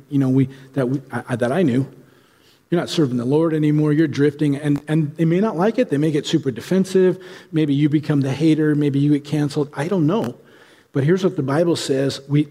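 A man's voice: on the high side, mellow, long reverb tail. A man preaching a sermon in an urgent, pleading, conversational way. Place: large church hall.

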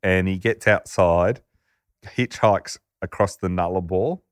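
A man casually telling a true story to a co-host, animated and laughing often. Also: low-pitched, unhurried, no room sound, studio quality.

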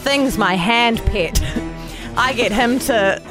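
A woman with a New Zealand accent voicing a deadpan, gloomy teenage girl, speaking slowly and deliberately. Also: on the high side, over music, pitched above the performer's own voice. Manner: slow, deliberate deadpan delivery.

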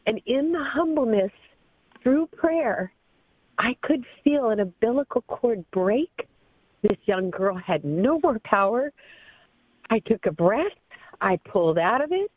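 A woman's voice: a little high, dry recording. A woman in her fifties phones in to a radio show and tells her story earnestly and with feeling. Her voice comes through a thin, tinny phone line with no room sound at all. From Southern California. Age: 50s. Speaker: caller. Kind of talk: call-in radio testimony.

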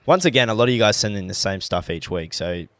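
A man's voice: fairly low pitch, lively intonation, quick pace, a bit bright, dry recording, clean studio sound. A young man co-hosting a podcast in casual chat, laid-back and swearing freely. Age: young adult. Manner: laid-back, swears a lot, trails off with fillers. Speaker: podcast co-host.

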